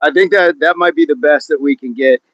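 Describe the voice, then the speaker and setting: A man's voice: a little high, fairly quick, a bit bright, dry recording, muffled recording. A man hosting a casual fitness livestream outdoors, upbeat, reading out viewer comments and joking around while he exercises. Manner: upbeat, reads viewer comments aloud and jokes about accents. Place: outdoors in wind.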